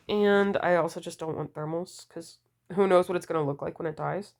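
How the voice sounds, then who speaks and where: Chatty woman with a cold, low voice. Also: fairly even intonation, normal speed, a little mellow. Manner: chatty, gushing, filler-heavy. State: has a cold, voice deeper and slightly slurred. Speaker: nail polish vlogger. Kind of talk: casual wishlist chat.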